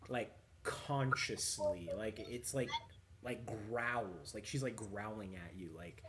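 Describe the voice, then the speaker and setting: A man's voice: fairly low pitch, takes it slowly, noisy background. A man running a tabletop game as game master, narrating loosely with many fillers.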